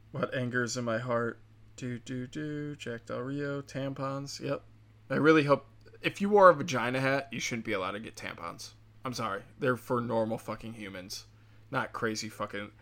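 A man's voice: medium pitch, vocal fry, a bit bright. Sarcastic, profane ranting man. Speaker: commentator. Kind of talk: casual political rant.

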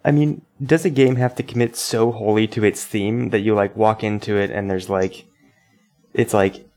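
A man with a very low voice taking part in a relaxed panel discussion. He speaks steadily and sounds upbeat. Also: moderate pace. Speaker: podcast panelist. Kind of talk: casual discussion.

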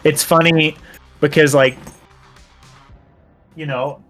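A man's voice: fairly high pitch, steady tone, takes it slowly, a bit bright, soft background music. A man co-hosting a podcast in casual chat, rambling with many fillers. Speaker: podcast co-host.

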